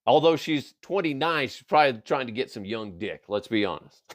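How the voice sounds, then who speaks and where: A man's voice: mid-range voice, animated, a little fast. A middle-aged man hosting a podcast, chatting casually about odd news with lots of swearing and laughter. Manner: profane, laughing, riffs into silly voices. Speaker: podcast host. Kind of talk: casual comedic news chat.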